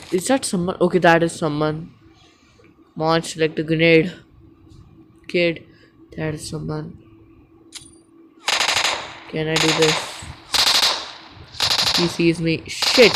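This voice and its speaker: Excitable young Indian gamer talking to himself. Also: male voice, on the high side, slight background noise. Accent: Indian English. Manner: excitable, panicky, talks to himself nonstop. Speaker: mobile gaming YouTuber. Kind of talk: live gameplay commentary.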